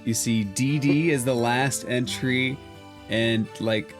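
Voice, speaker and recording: Male game master, measured and unhurried narration. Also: medium pitch, fairly even intonation, soft background music.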